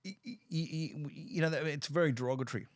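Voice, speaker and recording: A comedian hosting a relaxed conversation tells stories with lots of energy, repeating himself and restarting often while gesturing with his voice. He's a man with a fairly high pitch and a quick pace.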